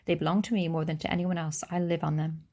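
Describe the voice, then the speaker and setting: A woman's voice: sits low, level tone, fast talker, a little mellow. A woman voicing a wary, cold boy who speaks curtly and matter-of-factly. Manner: curt, matter-of-fact.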